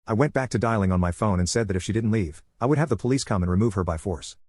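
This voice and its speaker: A man narrating a personal story in a brisk, matter-of-fact way. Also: fairly low pitch, a little mellow, breathy edge, no echo, studio quality.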